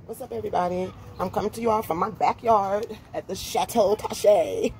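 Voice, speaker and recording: A woman's voice: mid-range voice, fairly even intonation, brisk, a little mellow, slight background noise. A woman chatting casually to her viewers in a home vlog. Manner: chatty, talks straight to viewers. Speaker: vlogger. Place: home and backyard. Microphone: camera mic. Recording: roomy echo from far off.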